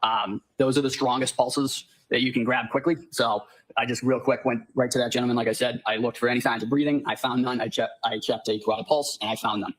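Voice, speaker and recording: A man testifying in court as a firefighter paramedic, answering politely and in a measured way. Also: mid-range voice, fairly even intonation, fairly bright tone, rough recording.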